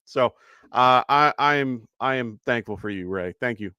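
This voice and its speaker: A man hosting a live fantasy football stream, chatty and quick to laugh as he thanks viewers. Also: mid-range voice, bright, forceful tone, clear, resonant tone, no room sound, clean studio sound. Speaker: fantasy football show host. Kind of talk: live-stream casual chat.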